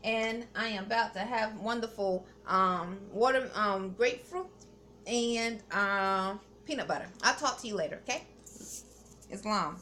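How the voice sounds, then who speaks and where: A woman's voice: medium pitch, measured pace, sharp tone, a little hiss or hum. A middle-aged woman giving a spiritual testimony in a meandering, earnest way, with many ums and restarts. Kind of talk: rambling spoken testimony.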